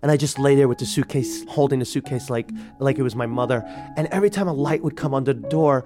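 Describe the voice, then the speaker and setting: A man telling a personal story in an animated, halting way, with frequent restarts, over faint music. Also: mid-range voice.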